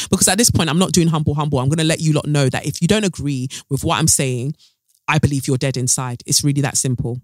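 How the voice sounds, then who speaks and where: A woman's voice: low-pitched, quick pace, no room sound. A woman hosting her own podcast, speaking alone into a close mic in a blunt, fiery, swearing way. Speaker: podcast host. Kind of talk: solo podcast monologue.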